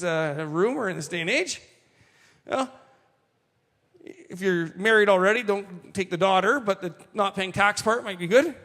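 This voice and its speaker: In a hall full of echo, a high-voiced male pastor reads and comments on scripture with animated energy. Quoted lines get a slower delivery, and he throws in asides to the congregation.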